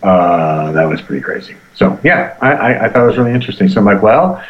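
A man hosting a paranormal radio show live from a hotel, chatting casually and telling stories with quick laughs. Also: deep voice, narrow, tinny audio. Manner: animated storytelling, quick laughs.

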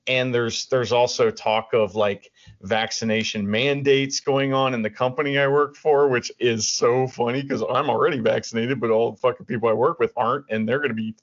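Over dull lo-fi audio, this man co-hosting a podcast speaks at medium pitch with fairly even intonation and a moderate pace. His casual chat turns into a rant full of profanity and restarts.

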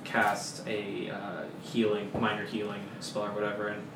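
A man narrating as game master in a loose, hesitant way with many pauses. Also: fairly low pitch, monotone. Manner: loose, hesitant, lots of ums. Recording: roomy and noisy.

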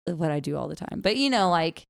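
A young woman in casual chat, talking about being a mother in an animated way, with lots of "like" fillers and quoted lines in a high voice. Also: brisk, vocal fry.

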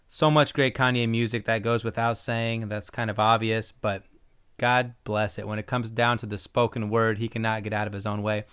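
A man's voice: on the low side, flat delivery, moderate pace, fairly bright tone, smooth. A man hosting his own podcast in a casual, opinionated solo talk, rambling with frequent ums. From Iowa. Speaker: podcast host.

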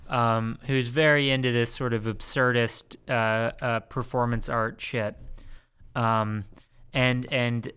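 A man co-hosting a laid-back podcast in a smooth, clear voice at an everyday pitch. He laughs often and teases his co-host into trying bits. He talks in a casual, rambling way, full of fillers. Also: a bit bright. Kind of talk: casual chat.

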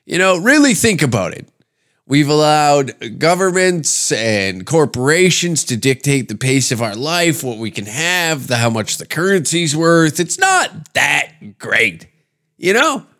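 A man's voice: a little high, lively intonation, unhurried, fairly bright tone. Profane ranting podcast host, man. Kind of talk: comedic rant.

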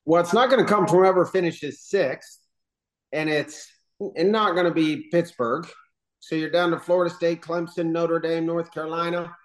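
A man, a soccer coach on a podcast, making sports predictions in a measured, matter-of-fact casual way. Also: fairly high pitch, steady tone.

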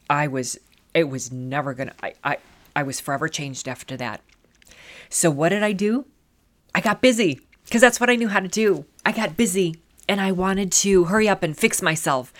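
A middle-aged woman telling a personal story as a motivational speaker, earnest and reflective, leaning on "you know" as she talks. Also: sits low.

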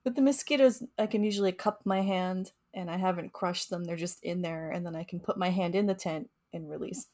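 A young woman chats about her research in a loose, casual way, laughing often and restarting her sentences. Her voice sits a little low for a woman. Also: fairly even intonation, brisk, hardly any pauses, a little mellow. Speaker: mosquito researcher and co-host. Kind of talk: casual podcast chat.

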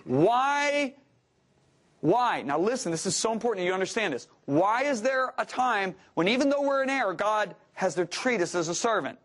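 A middle-aged man delivers a sermon in a fairly high voice. He tells a story from his own life and keeps asking rhetorical questions, sometimes emphatic and sometimes drawn down low and soft. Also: expressive, moderate pace. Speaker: preacher.

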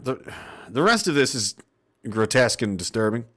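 A man hosting a live stream, reading chat and ranting sarcastically, swinging between loud and soft. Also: medium pitch, very animated, moderate pace. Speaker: livestream host.

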